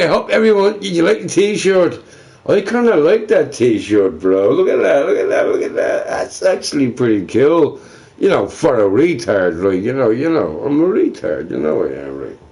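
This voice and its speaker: A man's voice: mid-range voice, sing-song, normal speed, creaky, darkish tone. A man rambling casually on his livestream, profane and self-mocking, chuckling between remarks.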